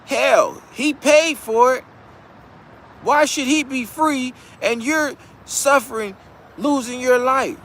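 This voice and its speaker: A man's voice: extremely high pitch, takes it slowly, fairly bright tone, slight background noise, pitched above the performer's own voice, heavily acted. A man mimicking a condescending male lawyer who pressures a defendant in a mock-formal voice. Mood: pressuring.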